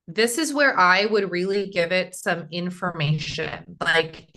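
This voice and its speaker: Bright, chatty woman teaching a workshop. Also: on the low side, normal speed, hardly any pauses. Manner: chatty, talks to the audience, often asks "right?". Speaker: summit speaker teaching a workshop. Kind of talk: casual screen-share tutorial.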